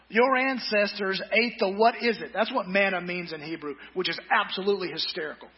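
A male pastor preaching a sermon, reading scripture slowly and deliberately with quick joking asides. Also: high voice, muffled recording.

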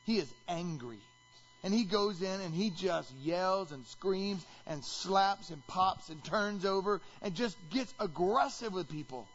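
Male pastor, high lively voice, preaching with bursts of shouting; dull lo-fi sound. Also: unhurried. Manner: animated, shouts when acting out quotes. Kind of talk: sermon.

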